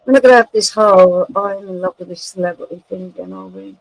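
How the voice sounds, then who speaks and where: A woman's voice: lowish voice, fast talker, no room sound, low-quality recording. A woman joining her partner's live chat, making wry, dry comebacks and giggling. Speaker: host's partner. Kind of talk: casual pub-style live chat.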